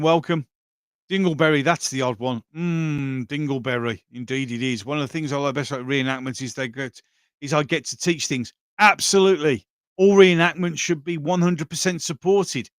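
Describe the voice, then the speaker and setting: A man's voice: on the high side, fairly bright tone, no echo, clean studio sound. A middle-aged man with a Birmingham accent, hosting a casual livestream chat, blunt and bawdy, often laughing. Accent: Birmingham (Brummie). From England. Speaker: livestream host reading chat.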